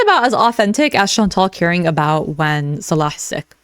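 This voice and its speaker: A woman giving animated, sarcastic reaction commentary while reading text messages aloud. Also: lowish voice, moderate pace, smooth, no room sound, clean studio sound. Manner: animated, sarcastic, reads texts aloud in mock voices.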